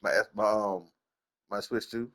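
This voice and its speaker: A bit bright and a little slow, the young man's steady voice carries a slangy rant for his gaming channel. He repeats himself, and incredulity sends his pitch jumping upward.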